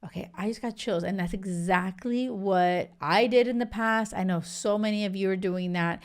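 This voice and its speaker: A woman vlogger giving an animated, emphatic casual recap, full of filler words. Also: medium pitch, normal speed, few pauses.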